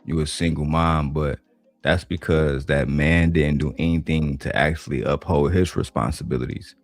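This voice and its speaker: A man putting on a slow, low, crooning smooth-talker voice. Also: dry recording. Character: smooth-talking deep-voiced seducer, adult man.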